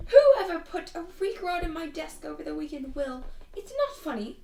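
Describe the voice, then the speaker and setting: A woman's voice: extremely high pitch, big pitch swings, moderate pace, creaky, darkish tone, voice pushed up, full character voice. A woman voicing a strict, haughty headmistress in a British accent, clipped and announcing. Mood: stern. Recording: echoey room, distant mic, faint noise.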